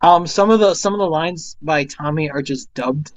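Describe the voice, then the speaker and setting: A man's voice: a little high, moderate pace, no room sound, rough recording. A young man co-hosting a casual chat, rambling with lots of fillers and laughing often. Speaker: co-host. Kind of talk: casual chat about movies.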